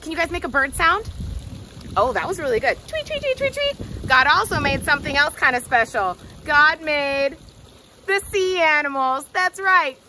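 A woman leading a children's Bible lesson, talking to the kids and a puppet dog in an animated way. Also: high-pitched, moderate pace, background noise. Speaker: preschool Bible teacher.

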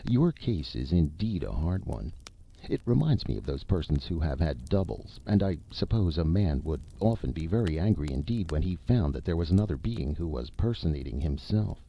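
An earnest young man in love, as a man reading the story puts him on, deep and gravelly. He speaks with a lively, questioning lilt. The recording is dull and lo-fi. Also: normal speed, heavily acted.

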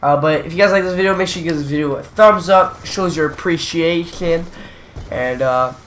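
Bright-voiced, easily riled man gaming. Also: on the high side, normal speed, a little hiss or hum. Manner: rambling, easily frustrated, swearing at the game. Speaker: gaming channel host. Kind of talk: casual gameplay commentary.

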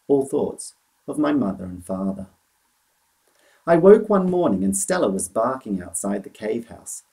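A man reading a children's novel aloud in an expressive, animated storytelling manner. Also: medium pitch, gravelly, low-quality recording.

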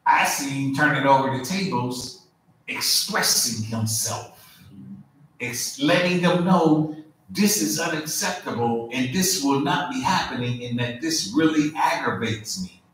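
A man preaching a conversational sermon, informal and animated, full of asides and "you feel me?". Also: medium pitch, unhurried. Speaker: pastor. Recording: very echoey room, mic far off.

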